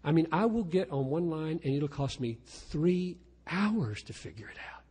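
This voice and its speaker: An older man speaks as a pastor in a lecture, candid and self-deprecating, stumbling over restarts as he explains his craft. His voice is a little husky, and a long hall reverb trails behind each phrase. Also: on the high side, expressive, moderate pace, darkish tone. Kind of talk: lecture talk with poetry reading.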